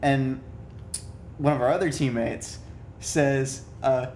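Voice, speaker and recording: A man's voice: fairly even intonation, slow pace, darkish tone. Laid-back young man chiming in. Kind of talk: casual chat. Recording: echoey room, faint rumble.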